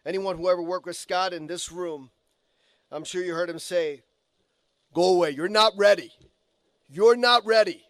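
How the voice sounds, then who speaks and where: High-voiced man giving an earnest eulogy. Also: dry recording. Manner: earnest storytelling with quoted asides. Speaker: eulogy speaker, colleague. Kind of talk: memorial eulogy. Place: funeral home chapel.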